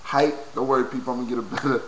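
Young male vlogger, hyped and repetitive, bright forceful voice, cheap webcam mic with faint noise. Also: medium pitch, fairly even intonation, rapid-fire, low-quality recording. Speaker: video blogger. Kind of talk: excited webcam vlog reaction. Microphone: low-quality webcam.

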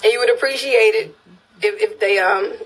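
A woman from Louisiana, with a Louisiana accent, hosts a casual live stream on her phone, reading viewer comments, laughing often and repeating phrases for emphasis. Her mid-range voice is husky and moderately paced.

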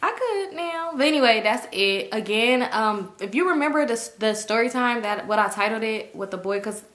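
A woman vlogger telling a work story in casual storytime chat, blunt and profane, jumping into loud high-pitched quotes. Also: expressive, normal speed. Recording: roomy echo.

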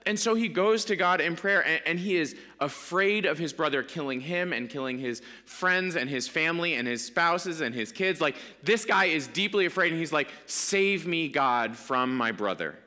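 A man preaching a sermon as pastor, talking in a casual, animated way with many fillers. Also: mid-range voice, big-room sound. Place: church sanctuary.

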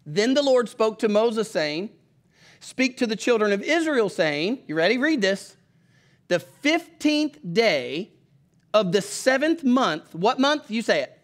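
High-voiced Southern country preacher. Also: male voice, sing-song, takes it slowly. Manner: folksy, conversational, calls on the congregation to read along. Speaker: pastor. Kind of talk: sermon.

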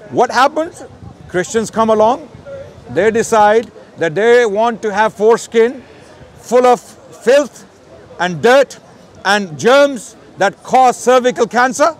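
A man debating in the street, talking loudly and insistently to the camera. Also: extremely high pitch. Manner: emphatic, loud and insistent. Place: outdoors on a city street.

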